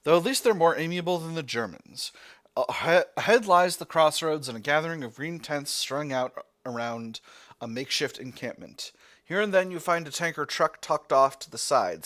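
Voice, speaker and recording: A man with a slightly high voice reads a text adventure game aloud, narrating each scene in turn. He drifts into loose, rambling asides and corrects himself as he goes. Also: a bit bright.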